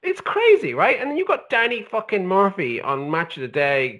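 A man in a casual football chat, ranting hard and swearing freely. His voice sits a bit high and swings widely in pitch as he gets worked up. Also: very animated, moderate pace, hardly any pauses, fairly bright tone. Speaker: podcast co-host.

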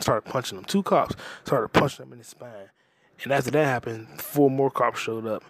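A man hosting a comedy podcast, ranting casually with lots of profanity and quick jumps between topics. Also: mid-range voice. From United States. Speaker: podcast host.

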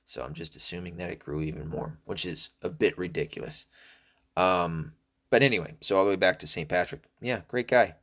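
A man's voice: sits low, a little fast, a bit bright. A middle-aged man from the South, talking in a casual, profane, rambling monologue full of fillers. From American South. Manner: profane, digressive, many fillers. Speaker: solo talker.

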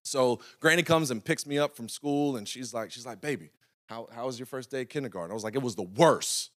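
Here a young adult pastor from North Carolina talks fast at a medium pitch. His sermon unfolds as conversational storytelling, with regular check-ins with the congregation.

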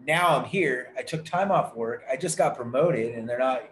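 A man with a mid-range voice and moderate pace co-hosts a podcast. He tells a long, swear-heavy story of frustration in casual chat, and the echoey room carries faint background noise.

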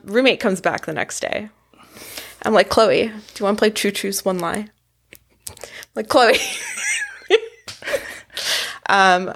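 Animated, giggly young woman storyteller. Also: fairly low pitch. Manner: animated, laughs often, acts out quotes. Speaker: podcast guest. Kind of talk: casual storytelling chat.

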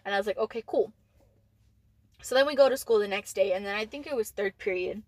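A woman's voice: mid-range voice, fast, no echo, low-quality recording. Rambling, cursing teenage girl storyteller. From Texas. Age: late teens. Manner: rambling, heavy use of "like", frequent swearing. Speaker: podcast co-host. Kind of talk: casual storytelling chat.

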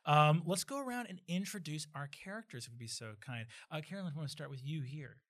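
A man's voice: fairly high pitch, quick pace, a bit bright. A man explaining rules as game master, enthusiastic, with frequent fillers.

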